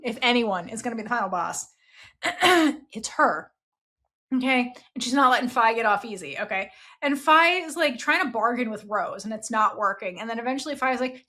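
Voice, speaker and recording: Animated, laughing woman podcast host. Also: on the high side. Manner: animated, laughing, swears freely, many fillers. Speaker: podcast host reviewing a novel. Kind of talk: casual chat.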